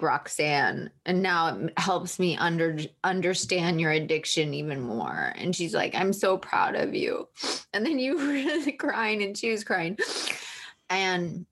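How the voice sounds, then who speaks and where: A woman's voice: on the low side, lively intonation, unhurried, a bit bright. A woman author, a guest on a podcast, talking openly and candidly about her feelings. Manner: open and emotionally candid. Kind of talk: candid interview talk.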